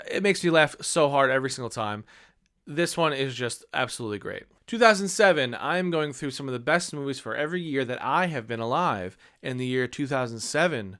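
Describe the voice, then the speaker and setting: A man's voice: medium pitch, animated, brisk, fairly bright tone, clean tone. A man in his thirties giving a casual, enthusiastic movie review, rambling with many fillers. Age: 30s.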